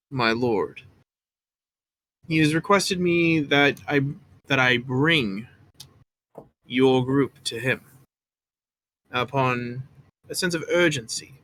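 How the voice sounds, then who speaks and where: A man's voice: medium pitch, sharp tone, low-quality recording. A man playing a stern noble guard. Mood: formal. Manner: formal, measured, guarded. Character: stern noble male patrol guard servant.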